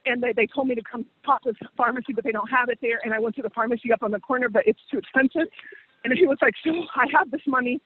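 A woman in her forties telling stories with animated, colloquial energy, laughing often, on a call. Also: fairly high pitch, rapid-fire, husky, dry recording. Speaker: co-host. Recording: muffled phone line.

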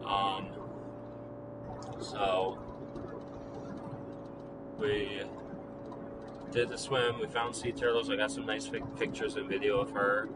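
A man's voice: fairly low pitch, little pitch movement, slow, long pauses, very noisy. A young man casually retelling a personal story, rambling with lots of fillers and criticizing himself.

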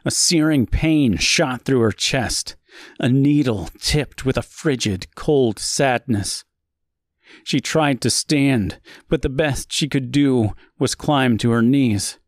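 Slow, deliberate male storyteller. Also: mid-range voice, dry recording, clean studio sound. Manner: slow, deliberate, dramatic pauses. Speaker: narrator. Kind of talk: scripted horror story narration.

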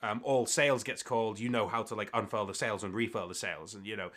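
A man's voice: on the low side, fairly even intonation, brisk, a bit bright. A man narrating as game master in a tabletop role-playing game, rambling with many fillers.

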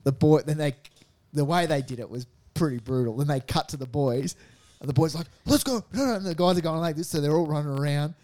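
A man's voice: a little high, brisk. A man, chatting casually as a podcast co-host and acting out quotes as he tells a story. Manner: swears freely, acts out quotes in animated storytelling. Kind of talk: casual chat.

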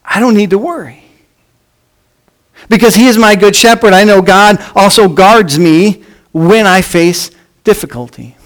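A pastor delivering a sermon, swinging between emphatic lines and hushed ones, and reading scripture aloud with emphasis. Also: male voice, high voice, measured pace, pauses often.

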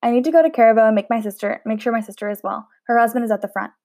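A woman's voice: a little high, racing, darkish tone, close to an everyday voice. A woman reading aloud, voicing a guarded, defiant young woman in a storybook.

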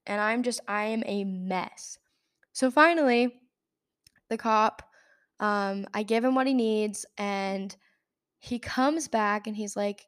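A woman's voice: mid-range voice, takes it slowly, clear, resonant tone, no echo, studio quality. A young woman hosting a podcast, telling a personal story in a rambling, casual way, full of fillers and laughs. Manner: rambling, filler-heavy retelling with frequent laughs. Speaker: podcast host.

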